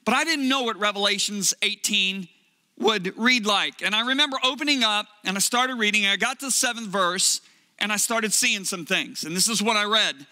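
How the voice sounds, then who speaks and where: A man preaching a sermon, telling a personal story in an earnest, emphatic way with drawn-out pauses. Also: high-pitched, sharp tone.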